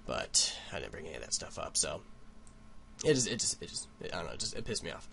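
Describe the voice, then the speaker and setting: A man's voice: low voice, very animated, fast talker, vocal fry, sharp tone, slight background noise. A young man vlogging at home, telling a rambling, profane story into his computer mic. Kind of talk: casual rant.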